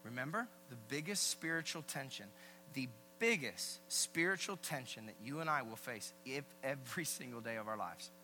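A man preaching a sermon as pastor, energetic and repetitive, with joking asides. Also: medium pitch, moderate pace, a little hiss or hum, poor audio.

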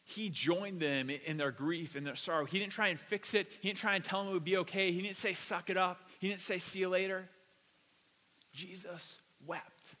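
Bright, high-voiced man preaching in a reverberant hall. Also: quick pace, hardly any pauses. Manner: casual, animated storytelling with repeated words. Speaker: pastor. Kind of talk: conversational sermon with personal story.

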